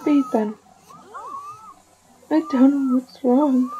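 A woman's voice: sits high, unhurried, long pauses, warm tone, dull audio, a little hiss or hum. Chatty woman fussing over her game. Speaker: gaming video creator. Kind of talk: casual gameplay commentary.

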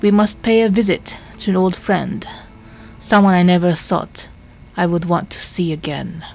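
A woman's voice: lowish voice, gravelly, darkish tone, slight background noise. A woman reading an earnest Victorian doctor. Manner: formal, measured.

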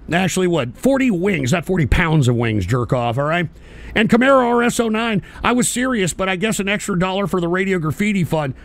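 A middle-aged man with a high voice hosts a livestream show, reading out chat donations. He's profane and irritable, breaking into bursts of shouting.

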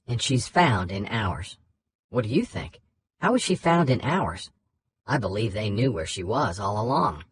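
A man's voice: medium pitch, sing-song, moderate pace, slight background noise. A man narrating a nonfiction true-crime audiobook, reading first-person interview recollections in a conversational way.

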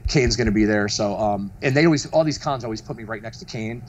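A man telling stories casually as a podcast guest, rambling and animated with lots of fillers and swearing. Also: lowish voice, fast talker, muffled recording, slight background noise. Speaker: guest, mask artist and studio founder. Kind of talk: casual storytelling chat.

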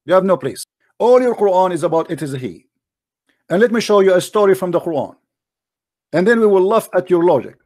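A man's voice: high voice, animated, fairly quick, long pauses. Combative man in heated debate. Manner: forceful, combative, repeats words. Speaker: host of a call-in debate show. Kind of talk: heated call-in debate, then monologue.

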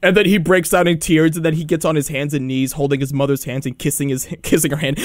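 A man hosting a let's play, giving animated, giggly casual game commentary on a close mic. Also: fairly high pitch, fast, hardly any pauses, no echo.

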